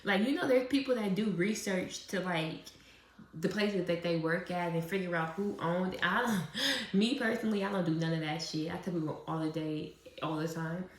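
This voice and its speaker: A woman with a lowish voice chats her way through a casual tarot reading, blunt and salty, laughing often. Her voice rings a little in a roomy space. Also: moderate pace. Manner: chatty, profane, laughs often. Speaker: tarot reader. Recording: roomy echo.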